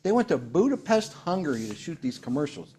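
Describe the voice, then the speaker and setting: Older male host, higher register, lively storyteller energy, casual company broadcast. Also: slight background noise. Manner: animated storyteller, quick bursts. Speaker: sales leader hosting a company broadcast. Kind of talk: casual company sales chat.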